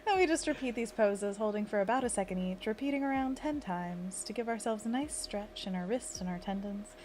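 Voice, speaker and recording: A woman hosts a laid-back livestream, giggling and chatting as she plans designs and leads a hand stretch for viewers. She speaks a little fast in a mid-range, slightly mellow voice with few pauses, and there's a bit of background noise.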